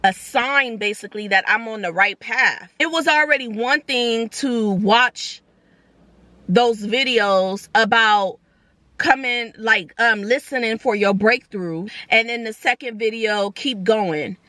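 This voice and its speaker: A young woman tells a personal story straight to camera in a loose, chatty way, bouncing between her own voice and the lines of the people she met. Her voice is bright and fairly high. The sound is dry and close. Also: no echo. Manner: animated, retells dialogue in quick bursts. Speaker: vlogger. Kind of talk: casual storytime vlog.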